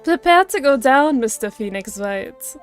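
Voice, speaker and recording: A haughty young prosecutor with a whip and a thick, exaggerated German accent, as a woman puts her on. She speaks slowly and with clipped arrogance, and her voice sits a little high. Soft music plays behind her. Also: expressive. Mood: haughty threatening. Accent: exaggerated put-on German. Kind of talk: dramatic reading of game dialogue on a livestream.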